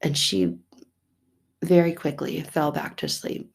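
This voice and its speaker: Gravelly-voiced mother musing on faith. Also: deep voice, slow. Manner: animated, laughing, mock-exasperated asides. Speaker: mother sharing a faith reflection. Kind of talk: casual spoken reflection.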